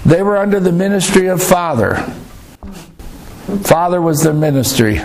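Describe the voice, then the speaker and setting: Rambling older man with a gravelly voice. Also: high-pitched, lively intonation, a little mellow, a little hiss or hum, poor audio. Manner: rambling, halting, with restarts and hesitations. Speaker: storyteller recounting a trip. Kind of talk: casual spoken recollection.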